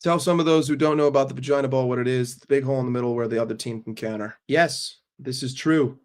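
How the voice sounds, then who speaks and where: A man with a voice of middle pitch hosts a live stream and answers his chat in a loose, casual way. He talks bluntly, swears a lot and makes quick jokes. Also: steady tone. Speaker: livestream host.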